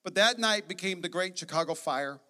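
A man preaching a sermon as pastor, energetic and emphatic, with joking asides to the congregation. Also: high-pitched, moderate pace, big-room sound. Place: church sanctuary.

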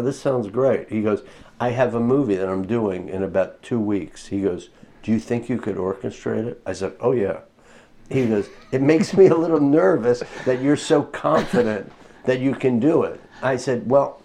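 As an interview guest, a man with a medium-pitched voice discusses his orchestration work. He tells animated, casual anecdotes, laughing as he acts out quotes from himself and others, with a little hiss or hum audible.

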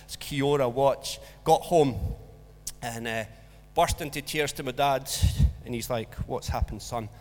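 In the long reverb of a church hall, a pastor with a medium-pitched, unhurried voice preaches. His sermon includes a lively school story in which he acts out the different voices.

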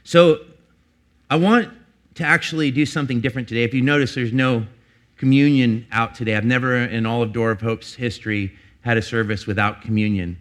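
A middle-aged man preaching a sermon as pastor, earnest and confessional, climbing to emphatic peaks and dropping low and personal. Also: steady tone, brisk, a bit bright.

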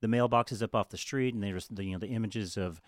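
A man's voice: lowish voice, quick pace, dry recording, clean studio sound. A man co-hosting a podcast, chatting casually and animatedly, swearing now and then and laughing often. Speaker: podcast co-host. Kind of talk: casual chat.

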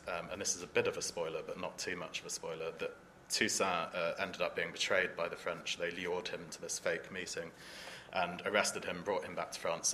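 A man's voice: deep voice, sharp tone, slight background noise. A man speaking as an author on a book fair panel, thoughtful and hesitant, with many ums and restarts.

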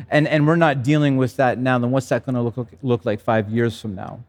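A man's voice: mid-range voice, moderate pace, few pauses, darkish tone, in a large hall. A male pastor preaching a sermon in a conversational way, often repeating words as he goes.

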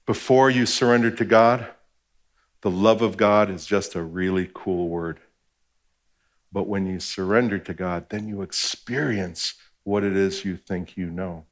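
A pastor giving a sermon in a conversational style, acting out quoted voices and swinging between hushed, low passages and raised, emphatic ones. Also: male voice.

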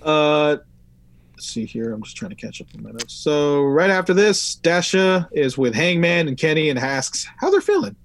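A man's voice: on the high side, very animated, moderate pace, gravelly. A man hosting a casual podcast chat, rambling loosely through his notes and swearing now and then. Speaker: podcast host. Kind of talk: casual wrestling recap chat.

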